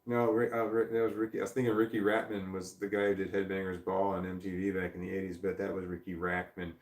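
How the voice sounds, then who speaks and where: A man's voice: low-pitched, level tone, fast, reverberant, distant mic. A man hosting a casual livestream from a chair indoors, rambling and self-deprecating as he answers chat. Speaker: livestream host. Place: indoor room, seated in a creaky chair.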